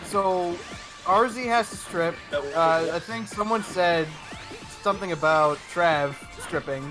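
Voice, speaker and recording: A man's voice: sits high, slow, music in the background. A man joining a stream, chatting casually and joking with the others. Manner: joking, teasing. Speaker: stream guest. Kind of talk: casual chat.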